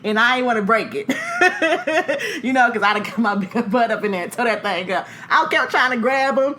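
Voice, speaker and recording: Loud, animated woman telling blunt stories. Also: on the high side, moderate pace. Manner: loud, animated storytelling with laughs and blunt profanity. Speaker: podcast co-host. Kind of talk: casual chat.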